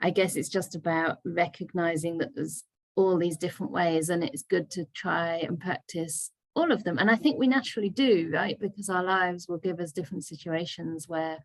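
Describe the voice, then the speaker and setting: A Buddhist nun leading a discussion group over a video call, answering questions in a thoughtful, laughing way. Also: female voice, on the low side, normal speed. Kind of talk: casual teaching discussion.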